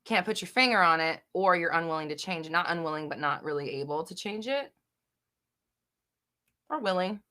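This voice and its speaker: A young woman with a bright, slightly low voice chats live at her desk mic from home. She reads viewers' comments aloud and answers them in a giggly, rambling way. She is full of fillers and drops the occasional swear. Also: animated, brisk, long pauses. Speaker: host of a live Q&A chat. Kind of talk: casual live-stream chat, reading comments. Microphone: desk microphone.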